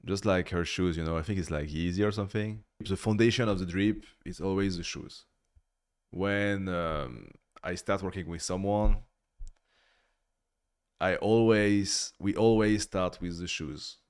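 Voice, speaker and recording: A man's voice: deep voice, measured pace, clean tone. A man giving blunt, critical reaction commentary in a casual way, swearing freely. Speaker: video reviewer.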